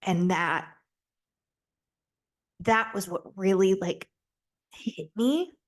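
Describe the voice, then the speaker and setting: A woman's voice: medium pitch, extremely slow. A woman in her twenties chatting candidly on a podcast, rambling with lots of fillers and casual swearing. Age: 20s. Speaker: podcast host.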